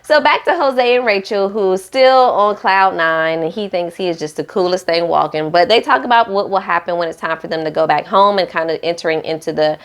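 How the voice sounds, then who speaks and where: Young woman with a lowish voice, chatty and sassy, doing a casual TV recap. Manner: chatty, sassy, quotes people in playful voices. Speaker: reality TV recap vlogger.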